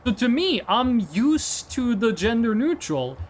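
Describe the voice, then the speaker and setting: Animated Norwegian-accented man, high lively voice. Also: measured pace. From Norway. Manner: animated, rambling, swears often. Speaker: streamer. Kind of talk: casual chat.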